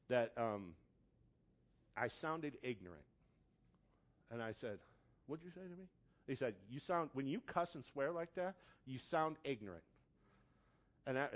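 Male pastor, somewhat high-pitched, casual storytelling sermon with punchy emphasis. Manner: storytelling with acted quotes, conversational; animated, rising to loud emphasis.

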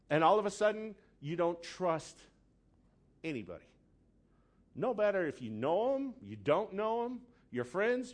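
A middle-aged man preaching a sermon, telling a personal story with dramatic, animated delivery and acted-out outbursts. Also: fairly high pitch. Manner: animated, dramatic storyteller who acts out his own angry outbursts. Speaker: pastor.

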